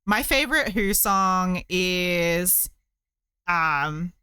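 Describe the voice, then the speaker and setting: A woman's voice: on the low side, lively intonation, very slow, bright, forceful tone, smooth, no room sound, clean studio sound. A woman streamer chatting casually while she crochets, rambling with many fillers.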